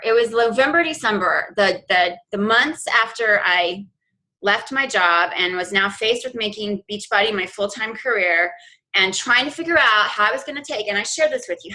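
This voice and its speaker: A woman's voice: medium pitch, sharp tone, low-quality recording. A woman coach giving a chatty, informal training talk to her team, with plenty of fillers and restarts. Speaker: fitness business coach.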